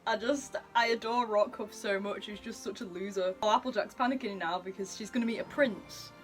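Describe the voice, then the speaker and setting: A woman's voice: mid-range voice, steady tone, fairly quick, soft background music. A woman reacting to a comic as she reads it, gushing and giggly with lots of exclamations. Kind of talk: excited reading reaction.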